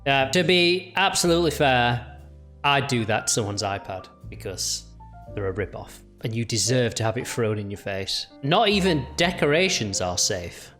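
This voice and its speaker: Bright-voiced young man joking over clips. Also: mid-range voice, lively intonation, normal speed, soft background music. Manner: chatty, jokey, mocking asides. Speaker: reaction video host. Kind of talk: casual reaction commentary.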